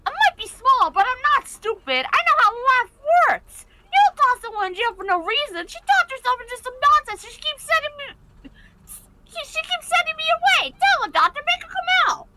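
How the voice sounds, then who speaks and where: A woman's voice: extremely high pitch, big pitch swings, normal speed, very noisy, voice pushed up. A woman voicing a small, stubborn, earnest boy in a video game, pleading and insistent. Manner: pleading, insistent, voice breaking at times. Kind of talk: voicing game dialogue on a stream.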